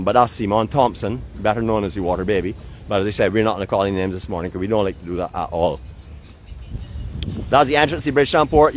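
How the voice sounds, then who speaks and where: This is a middle-aged man from Barbados speaking with a Barbadian accent and a somewhat low voice. He narrates a live stroll outdoors in a chatty, teasing way, mixing guide tips with mock boasts. Faint street and traffic noise sits behind him. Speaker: vlog host and walking guide. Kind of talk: live walking tour narration. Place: outdoors by a seaside port in a town.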